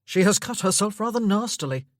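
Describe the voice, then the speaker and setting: A woman reading an audiobook voices a nobleman who gives instructions in a firm, calm way. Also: medium pitch, fairly quick, no echo, studio quality, pitched above the performer's own voice, lightly acted. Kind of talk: audiobook character voice.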